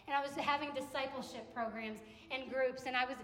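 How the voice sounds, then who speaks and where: A young adult woman preaching a sermon to a campus ministry gathering, in a conversational, animated way that acts out little quotes. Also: high voice, brisk. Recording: echoey hall with long reverb.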